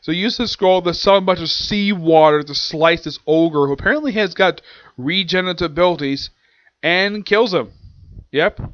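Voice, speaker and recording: Man with a slightly high voice, casual anime reviewer, rambling recap, dry and dull-sounding home recording. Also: fairly bright tone, no room sound. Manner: rambling, with frequent restarts and quick acted quotes.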